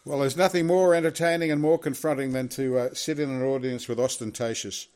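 A man's voice: medium pitch, steady tone, fairly quick, darkish tone. A man, hosting a podcast in a chatty, effusive way during a casual interview. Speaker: podcast host.

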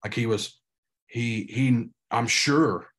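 A young pastor appears as a guest on a podcast, talking earnestly in a casual interview. He halts and restarts often, and his voice is medium in pitch.

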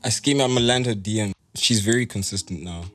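A man's voice: on the low side, fairly quick. A man from South Africa, a guest on a casual podcast, teasing and chatting in slang. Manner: playful, slangy, teasing interjections.

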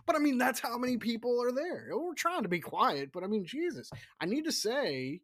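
A middle-aged man hosting a casual solo horror podcast, rambling and profane, dropping into hushed whispers for asides. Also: extremely high pitch, sing-song, moderate pace. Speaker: podcast host.

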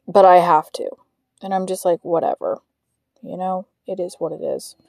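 A woman's voice: lowish voice, steady tone, measured pace, vocal fry, warm tone, no echo. A woman hosting a podcast, venting about work with frequent swearing. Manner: frustrated, heavy swearing, ranting. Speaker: podcast host. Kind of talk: venting monologue.

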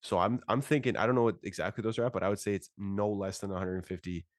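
A congested man hosting a casual podcast in a low voice, chatting loosely and tossing in "bro" constantly. The sound is dry and close, with no room around it. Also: fairly even intonation, fast, no echo. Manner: laid-back, says "bro" a lot. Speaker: podcast host.

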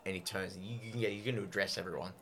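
A man's voice: low-pitched, fairly even intonation, racing, fairly bright tone. A man narrating a tabletop game as game master, slipping into character voices.

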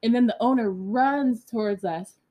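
A woman podcast host telling a story in a casual monologue, animated and blunt, with many fillers and some profanity. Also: fairly high pitch, normal speed, lo-fi sound.

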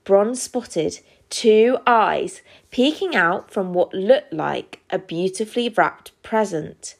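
Unhurried woman reading a children's story. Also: mid-range voice, animated, creaky.

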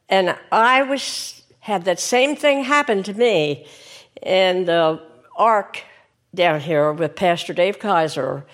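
A woman from the congregation speaks up in church to share a testimony. She talks very slowly and haltingly, and her tone is heartfelt and sincere. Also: medium pitch. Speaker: congregation member. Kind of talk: spoken testimony.

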